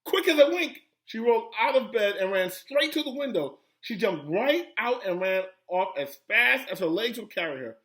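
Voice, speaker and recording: Here a school principal, a man with a high voice, reads a story to young children. He keeps interrupting himself with excited gasps and teacherly comments aimed at the pupils.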